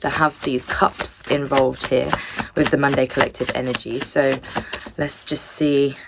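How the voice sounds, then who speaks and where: A woman's voice: deep voice, vocal fry, a little hiss or hum. A young woman giving a rambling, earnest tarot reading in a loose, chatty way. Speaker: tarot reader. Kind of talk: casual spiritual tarot reading.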